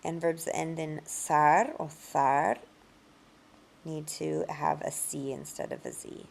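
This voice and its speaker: A woman's voice: low-pitched, animated, vocal fry, a little hiss or hum. A woman teaching a Spanish grammar lesson, patiently explaining each rule step by step with examples in both languages. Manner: speaks Spanish example words slowly and carefully.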